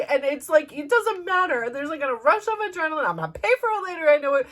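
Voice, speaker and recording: A woman's voice: high-pitched, quick pace. A middle-aged woman, telling a story casually and acting out voices as a podcast host. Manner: animated, acts out voices, many fillers.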